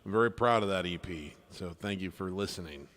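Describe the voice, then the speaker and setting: Soft-spoken man chatting on a livestream. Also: low voice, brisk, big-room sound. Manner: friendly, thanks viewers by name, trails off softly. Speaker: livestream piano performer reading chat requests. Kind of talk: casual livestream chat.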